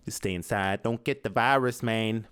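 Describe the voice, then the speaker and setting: A man's voice: fairly low pitch, normal speed, a bit bright, clear, resonant tone, no echo. A young Irish man rambling to his podcast at home, mumbling and swearing, with many fillers. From Ireland. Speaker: podcast host. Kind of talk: casual rambling monologue. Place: home apartment.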